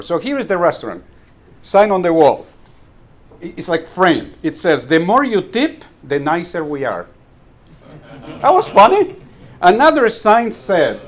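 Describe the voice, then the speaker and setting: A man giving a humorous club speech, telling anecdotes, acting out the dialogue and chuckling at his own jokes. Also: sits high. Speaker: club member giving a talk. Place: meeting room.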